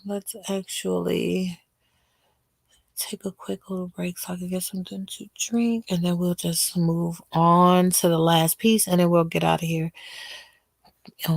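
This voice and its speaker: Woman host, lowish, dry and close, casual livestream talk to the chat, voice going. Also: creaky, a little mellow, no echo. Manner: chatty, talks straight to the chat. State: losing her voice.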